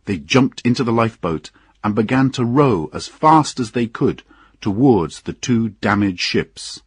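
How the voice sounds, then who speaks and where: Slow raspy male storyteller. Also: mid-range voice, dry recording, studio quality. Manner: unhurried, expressive storytelling. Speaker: narrator. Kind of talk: scripted audiobook narration.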